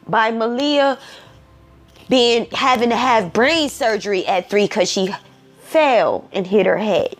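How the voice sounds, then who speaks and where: Emotional, preachy woman with a slow, high voice. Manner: emotional, preachy, repeats herself. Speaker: commentary vlogger. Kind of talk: emotional personal commentary.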